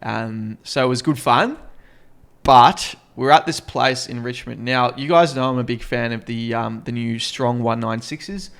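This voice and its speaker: A man's voice: medium pitch, measured pace. Australian guy telling a story. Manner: animated storytelling, swears freely. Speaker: podcast co-host. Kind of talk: casual chat.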